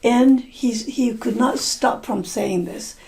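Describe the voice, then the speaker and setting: A woman's voice: fairly high pitch, slow, creaky, darkish tone. A woman telling a folk tale to English learners, repeating and rephrasing lines and explaining words as she goes. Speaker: storyteller and English teacher.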